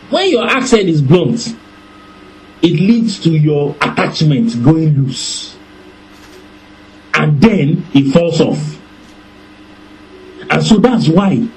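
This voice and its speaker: A man preaching a sermon in a deliberate, animated way that often breaks into laughter. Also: on the high side, a little hiss or hum, low-quality recording.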